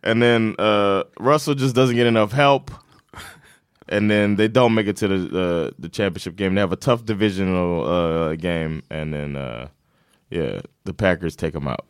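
A man co-hosting a casual sports chat, animated and profane, quick to joke and swear. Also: sits low, clean tone, dry recording, clean studio sound. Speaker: podcast co-host.

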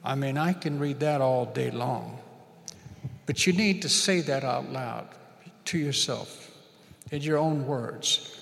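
A man's voice: medium pitch, slow pace, gravelly, long pauses, big-room sound. A man preaching and praying at a church service, fervent, repeating phrases and leading the congregation to say lines back. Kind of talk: prayer and sermon.

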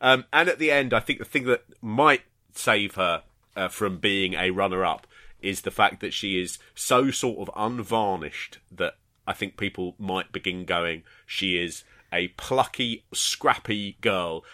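A British man co-hosting a podcast in casual chat, with a dry, deadpan wit. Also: fairly low pitch, a little slow. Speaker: podcast co-host.

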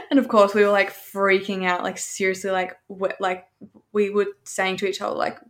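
A young Australian woman tells a long story, looping back and piling up asides as she goes. Her pitch sits in an ordinary middle range. She swears casually and keeps the tone loose and chatty. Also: level tone, normal speed. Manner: rambling, chatty, sprinkled with swearing.

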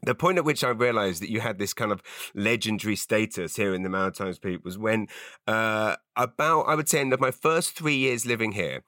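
A man's voice: lowish voice, normal speed, sharp tone, no room sound, studio quality. A man hosting a podcast, asking questions enthusiastically and often repeating words. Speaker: podcast host. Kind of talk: interview questions.

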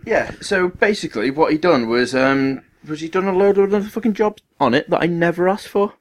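A man's voice: on the high side, fairly quick, background noise. A man co-hosting a podcast, ranting through a long story in casual chat and swearing freely. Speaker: podcast co-host.

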